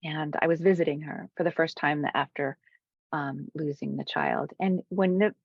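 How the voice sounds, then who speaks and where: A woman guest, a spiritual coach, telling a heartfelt personal story in an interview, dropping to soft whispers at times. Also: sits low, steady tone, normal speed, vocal fry, breathy edge, no echo, muffled recording. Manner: earnest, drops to soft whispers for quoted moments.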